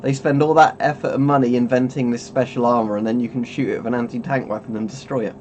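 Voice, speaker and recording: A man chats on his webcam stream in a rambling, chuckling way, often breaking off mid-thought. His voice sits at a middling pitch, with a faint low rumble underneath it. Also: steady tone, quick pace, a little mellow, muffled recording. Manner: rambling, chuckling, self-interrupting. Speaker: streamer host. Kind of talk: casual webcam stream chat.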